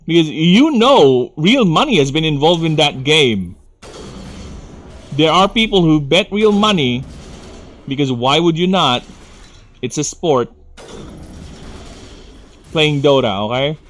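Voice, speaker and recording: Filipino guy streaming a game, cusses a lot, goes off on tangents, voice on the higher side. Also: expressive, takes it slowly, pauses often, fairly bright tone. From Philippines. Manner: rambling, profane, goes off on rants. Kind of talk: live gaming stream chat.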